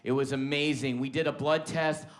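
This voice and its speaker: A middle-aged man doing a stand-up comedy set, talking casually and profanely, swinging from shouts to quiet confiding. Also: mid-range voice, steady tone, normal speed. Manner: loud swings between shouting and hushed confiding; profane, conversational, self-mocking.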